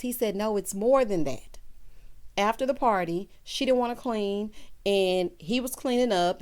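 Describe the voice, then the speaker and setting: A woman, talking through a reality show recap. She is sassy and animated, and she slips into changed voices when she quotes people. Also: medium pitch. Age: 30s. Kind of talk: casual recap commentary.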